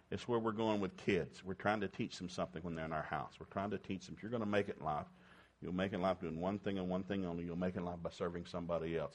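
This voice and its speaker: A middle-aged man preaching a sermon, folksy and joking, swinging between loud whoops and quiet talk. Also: sits low. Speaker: pastor.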